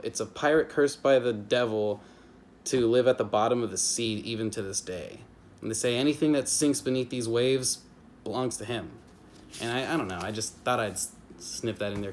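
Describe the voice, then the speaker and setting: A man casually reviewing a book chapter at home, rambling with many fillers and restarts and slipping into quick character impressions. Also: lowish voice, a little mellow, a little hiss or hum. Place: home with family nearby.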